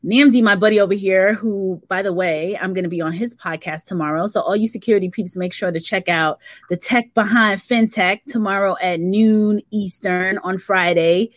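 A woman's voice: medium pitch, normal speed, no room sound. Laughing woman reading chat comments. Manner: laughs often, reads viewer comments aloud. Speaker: co-host reading live chat. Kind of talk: casual livestream chat.

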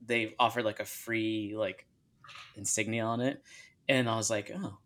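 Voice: mid-range voice, little pitch movement, normal speed, a bit bright. A podcast host in casual chat who shares stories and acts out quoted dialogue.

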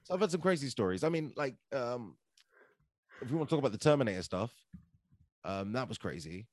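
A man's voice: medium pitch, fairly quick, no echo. Chatty man telling stories. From London, England. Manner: chatty, animated, filler-heavy with "like" and "right?". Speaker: podcast guest, actor and comedian. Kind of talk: casual storytelling.

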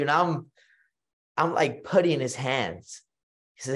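Texan man telling lively stories. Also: medium pitch, a little slow, pauses often. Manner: animated storytelling, acts out quoted voices, frequent fillers and restarts. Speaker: podcast guest, retired boxer. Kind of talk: storytelling in casual conversation.

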